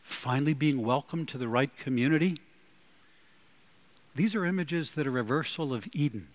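A man preaching a sermon, emphatic and animated, with sudden loud bursts. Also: mid-range voice, moderate pace. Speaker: pastor.

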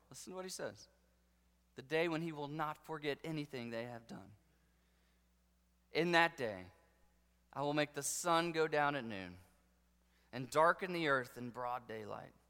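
A man preaching a sermon with passion, dropping to a hush and then rising to loud declarations. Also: on the high side, animated, unhurried, pauses often, smooth. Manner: impassioned preaching, swinging between hushed and loud. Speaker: pastor. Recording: long hall reverb.

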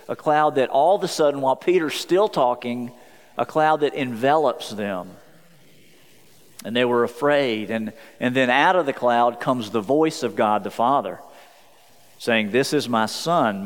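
Man preaching in a reverberant hall. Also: mid-range voice. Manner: earnest preaching, slows for quoted scripture. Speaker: pastor. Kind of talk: sermon.

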